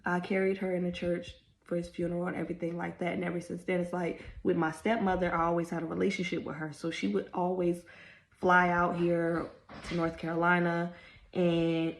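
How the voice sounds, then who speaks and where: A woman's voice: fairly low pitch, level tone, a little fast, gravelly. A woman in her thirties telling a family story on her vlog, emotional and rambling, fighting back tears and apologizing as she goes. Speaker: vlogger. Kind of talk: casual storytime.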